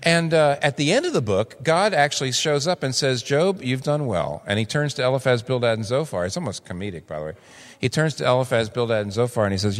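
Animated older male preacher in a reverberant hall. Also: a little fast. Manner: animated, acts out quoted voices with big pitch jumps. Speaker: pastor. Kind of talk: sermon. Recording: long reverb of a large hall.

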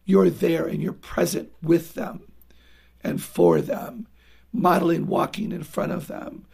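A woman's voice: sits low, big pitch swings, measured pace, gravelly, dark tone, a little hiss or hum. A woman guest on a radio show, talking earnestly and emphatically about raising children, sometimes acting out what a parent and child would say. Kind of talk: radio interview talk.

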